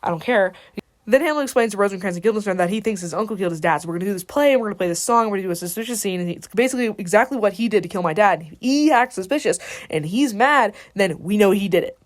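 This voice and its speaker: A teenage girl giving a quick, slangy, casual retelling of a play for a school assignment, slipping briefly into the characters' voices. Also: mid-range voice, animated. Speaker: student.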